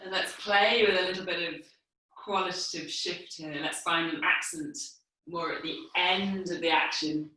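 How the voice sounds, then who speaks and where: A woman teaching a movement class, calmly cueing while she exercises on the floor, a little out of breath. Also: on the low side. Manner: calm, unhurried cueing while moving on the floor. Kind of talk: guided movement class instruction. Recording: echoey room, mic far off.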